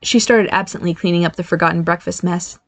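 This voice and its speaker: A woman reading a story aloud as audiobook narrator in an even, storytelling manner. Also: lowish voice, fast, dry recording. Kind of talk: scripted narration.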